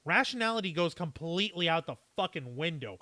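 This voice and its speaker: A man hosting a live stream, chatting casually and reading viewer comments in a profane, rambling, animated way. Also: fairly high pitch, a little fast, dry recording.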